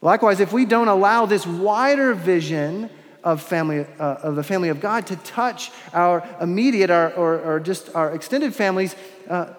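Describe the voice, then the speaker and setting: A man preaching a sermon in a measured, earnest way, with pauses and restarts, in a large church. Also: high voice. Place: large church with long reverb. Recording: long hall reverb.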